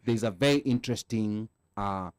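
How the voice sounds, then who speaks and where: A man's voice: lowish voice, normal speed, darkish tone, clear, resonant tone. A man from Kenya with a Nairobi accent, chatting casually on a panel show and reading out viewer comments, laughing often and restarting his sentences. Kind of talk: casual panel chat mixing English and Swahili.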